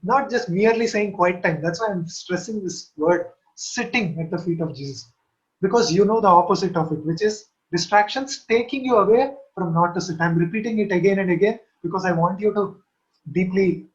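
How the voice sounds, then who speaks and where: A man giving an earnest teaching sermon, repeating key phrases to urge his listeners on, recorded from an online session. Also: high voice. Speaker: Christian teacher. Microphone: online call. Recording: dull lo-fi online session audio.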